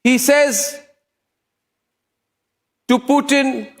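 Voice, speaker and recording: A man's voice: extremely high pitch, moderate pace, big-room sound. A male news debate host, delivering a sarcastic, emphatic televised monologue full of rhetorical questions.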